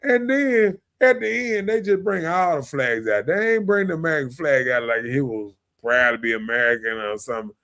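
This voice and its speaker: A man, hosting a podcast in casual opinion talk, animated, often asking "you know what I'm saying" and laughing. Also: a little high, normal speed, hardly any pauses. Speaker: podcast host.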